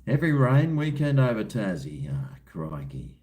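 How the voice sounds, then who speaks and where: A man's voice: on the low side, sing-song, measured pace, a little mellow. A man with an Australian accent hosting a casual livestream, rambling in a laid-back way, reading out viewer messages, with crude slang and chuckles. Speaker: livestream host. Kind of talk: casual livestream chat while drinking.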